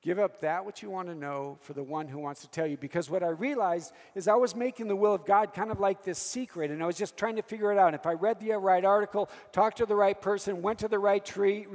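A man in his fifties preaches with a high, gravelly voice. He tells stories from his own life and keeps asking the audience for an "Amen?". The sound carries a long hall reverb. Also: darkish tone. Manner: storytelling, calls for "Amen?" from the audience. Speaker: priest. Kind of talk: sermon with personal stories.

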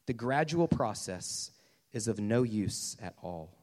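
A man putting on a flaming male angel who speaks slowly and gravely in a lowered voice. It is read aloud in a large hall where a long reverb lingers. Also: expressive, darkish tone. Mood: solemn. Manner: slow, grave, insistent. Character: calm, solemn male angel of fire.

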